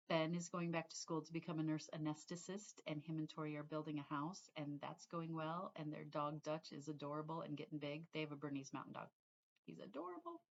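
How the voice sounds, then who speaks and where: Chatty lower-pitched woman, slightly dull recording. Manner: rambling, chatty, trails off and restarts. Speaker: cross-stitch vlogger. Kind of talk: casual chat to viewers.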